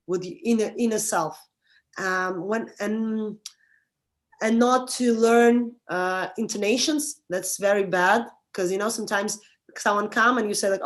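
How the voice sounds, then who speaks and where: Russian-accented woman giving candid advice. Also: mid-range voice. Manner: halting, restarts often, animated advice. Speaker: director and actress, guest. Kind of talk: casual interview talk.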